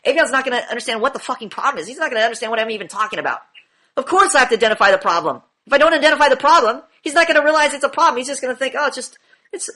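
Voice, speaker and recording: A woman's voice: sits high, pushed and bright. A woman teaching an acting class, blunt and demanding, swearing freely as she questions her students.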